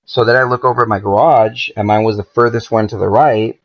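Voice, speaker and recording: On a podcast, a guest with a fairly low, even-toned voice tells a long tale a little fast. He swears freely and meanders in a relaxed way, dropping "like" constantly. The sound is dull, low-fidelity podcast audio.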